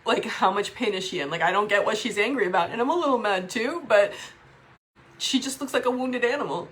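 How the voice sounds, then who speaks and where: A woman talking to camera in a raw, emotional vlog, upset and swearing, with halting restarts. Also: mid-range voice, a bit bright. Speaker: vlogger.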